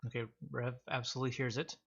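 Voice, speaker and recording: A man narrating a tabletop game as game master, relaxed and joking. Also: mid-range voice, quick pace, gravelly, husky. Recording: dull lo-fi audio.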